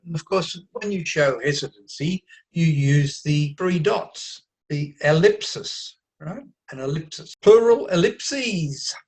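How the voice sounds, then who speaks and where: Slightly high-voiced man teaching writing. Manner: explanatory, with mock overheard chatter. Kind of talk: online writing lesson.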